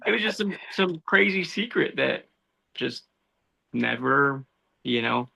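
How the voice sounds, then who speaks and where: Guest on a casual podcast: a man with a gravelly, bright voice telling animated, slangy stories. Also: medium pitch, slow pace, a little hiss or hum. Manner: animated storytelling, says dude and bro a lot. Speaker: guest, law enforcement officer.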